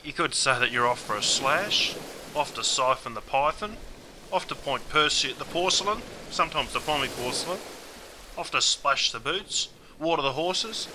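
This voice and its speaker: A man's voice: a little high, expressive, moderate pace, background noise. An Australian man narrating comic explanations in a matey, exaggerated, slang-heavy way.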